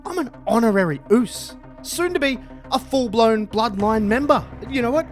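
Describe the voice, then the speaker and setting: A man voicing an excitable, eager male wrestler who talks high and in fast bursts. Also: soft background music. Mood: defiant.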